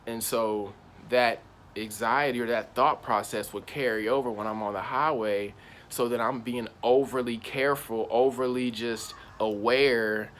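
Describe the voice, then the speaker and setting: A man's voice: mid-range voice, fairly even intonation, a little slow, fairly bright tone, a little hiss or hum. A young man casually telling a personal story in slangy, rambling speech. He circles back on himself and keeps repeating "I was like.". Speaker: channel host.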